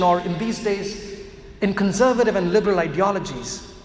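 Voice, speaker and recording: A man preaching a sermon as a Catholic priest, emphatic, slowing down and dropping his voice low for key phrases. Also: a bit bright. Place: church. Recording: echoey church hall with long reverb.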